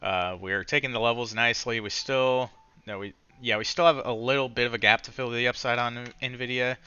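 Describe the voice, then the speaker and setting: A man's voice: medium pitch, steady tone, fairly quick, pushed and bright, smooth, dry recording, dull audio. A man recapping his day of trading in a casual, frustrated rant, swearing and restarting his sentences often.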